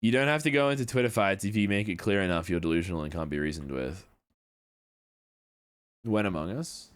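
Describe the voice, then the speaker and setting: A man's voice: low-pitched, brisk. A young man chatting casually on a livestream, rambling, swearing now and then, and answering chat messages. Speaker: streamer.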